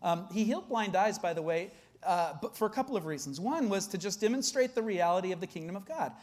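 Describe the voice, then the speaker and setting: A pastor preaching a conversational sermon, with many fillers, who swings between loud emphasis and hushed, quiet lines. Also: mid-range voice, expressive, quick pace.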